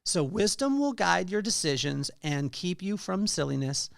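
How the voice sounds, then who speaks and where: A man's voice: high-pitched, very animated, normal speed, creaky, dry recording, clean studio sound. A man hosting a podcast, giving an earnest devotional talk on scripture with frequent fillers and restarts. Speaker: podcast host.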